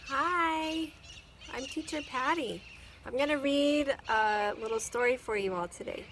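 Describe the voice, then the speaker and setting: A woman teacher reading a storybook aloud to young children, in a gentle, clear narrating style. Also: fairly high pitch, fairly even intonation, moderate pace, a little hiss or hum.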